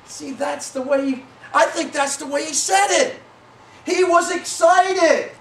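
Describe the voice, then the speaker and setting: A man preaching a sermon as pastor, in a folksy, animated way that breaks into shouts. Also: very high-pitched, a little slow. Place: church sanctuary. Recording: echoey church from a distance.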